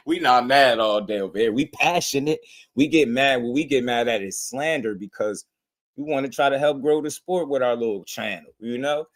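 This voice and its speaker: A man's voice: mid-range voice, moderate pace. Laughing man hosting a boxing livestream. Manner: laid-back, laughs often, shouts out viewers by name. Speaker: boxing channel host. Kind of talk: casual livestream chat.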